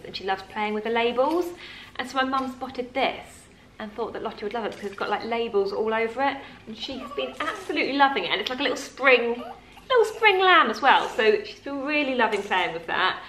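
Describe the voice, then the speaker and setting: Chatty mum in roomy room. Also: female voice, on the high side, bright, forceful tone, a little hiss or hum. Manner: chatty, rambling, gushing, with many fillers. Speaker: mum vlogger. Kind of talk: casual chat to camera. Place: home.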